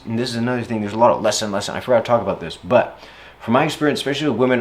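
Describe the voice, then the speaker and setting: Man, reflective interview monologue, rambling and casual, voice lifts when he quotes himself. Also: medium pitch.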